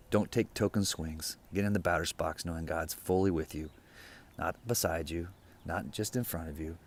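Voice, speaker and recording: A middle-aged man giving an informal sermon, telling a story in a lively, conversational way. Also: sits low. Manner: storytelling, lively and conversational, drops to a hush for quoted dialogue. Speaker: preacher.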